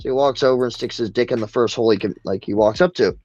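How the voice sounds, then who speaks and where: A man's voice: medium pitch, fast talker, a little mellow, muffled recording. A man telling a joke in casual chat, loose and drawling with lots of fillers. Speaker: co-host.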